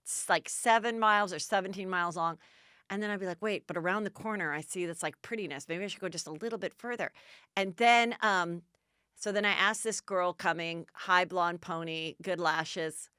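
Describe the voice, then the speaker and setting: A woman's voice: on the low side, moderate pace, sharp tone, clear, resonant tone, no room sound, clean studio sound. A middle-aged woman podcast host telling a story in a casual, chatty way and acting out the dialogue in bursts.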